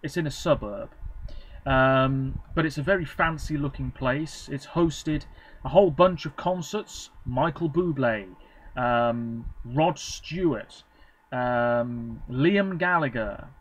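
A man's voice: mid-range voice, slow, rough recording. A man vlogging, casually reading from web pages with rambling, offhand commentary and frequent self-corrections.

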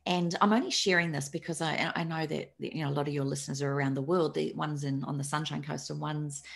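A woman's voice: low voice, steady tone, quick pace, vocal fry. A woman, a podcast guest and self-care mentor, telling stories energetically and laughing as she talks. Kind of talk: animated storytelling in conversation.

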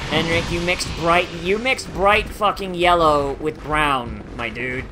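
A man's voice: fairly high pitch, measured pace, hardly any pauses, background noise. A man streaming a video game, talking casually with sarcastic jokes, heavy swearing and frustrated outbursts. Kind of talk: casual gameplay commentary.

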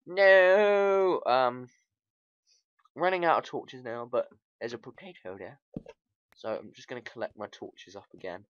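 A man giving rambling, excitable commentary over his game, chatting to viewers and laughing often. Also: mid-range voice, moderate pace, pauses often, no room sound, muffled recording. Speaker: gaming video host.

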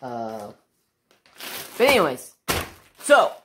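A woman's voice: very deep voice, wildly swooping pitch, slow, a bit bright, slight background noise. A woman hosting a casual craft-channel unboxing vlog at home. She gushes and exclaims again and again, and talks to her dog between remarks. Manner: gushing, exclaims over and over; chats to her dog while talking.

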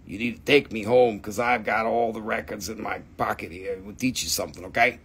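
A man's voice: steady tone, fairly quick, husky. A man voicing a whispery talking crystal. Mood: secretive. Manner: low, hushed, conspiratorial. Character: a talking quartz crystal, secretive and coaxing.

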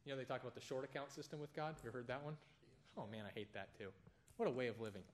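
A man teaching a casual Bible study, conversational and animated, telling everyday anecdotes between points. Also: medium pitch, racing, a little hiss or hum.

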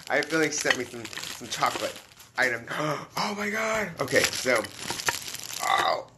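A man chatting casually on a live stream as he unboxes collectible toys, excitable and chatty, greeting viewers by name. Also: mid-range voice, moderate pace, very noisy.

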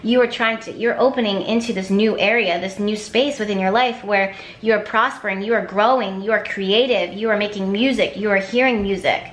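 A woman's voice: medium pitch, steady tone, brisk, few pauses, reverberant. A woman giving an intuitive tarot reading to camera, talking emphatically with repetition and flashes of exasperation. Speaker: tarot card reader.

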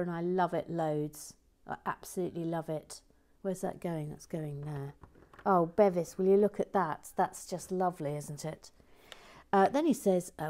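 A woman with a slightly low voice hosts a relaxed building stream in casual chat. She murmurs and half-whispers to herself while she works, then brightens to read out viewers' comments. Her tone is playful and affectionate. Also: normal speed. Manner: soft-spoken, often drops to a murmur or whisper, then perks up; fond and playful, repeats words to herself. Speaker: host building a toy set on a live stream.

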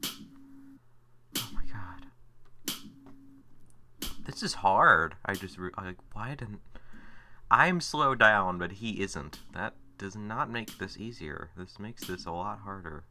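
A man's voice: low-pitched, a little slow, few pauses, sharp tone, a little hiss or hum. A man giving let's play commentary, exasperated and swearing as he talks to himself. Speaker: gameplay commentator. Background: game music.

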